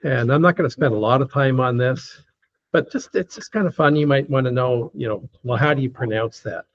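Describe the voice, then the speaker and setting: A man teaching a class, patiently saying words slowly and repeating them, with many fillers, over an online call. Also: medium pitch. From United States. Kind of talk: lecture teaching pronunciation. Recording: dull lo-fi call audio.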